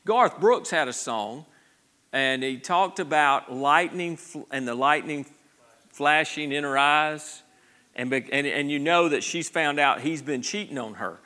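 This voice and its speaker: High bright-voiced preacher. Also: male voice, unhurried. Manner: conversational preaching with frequent restarts and repeated words; asks the congregation for responses. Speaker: pastor. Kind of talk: sermon.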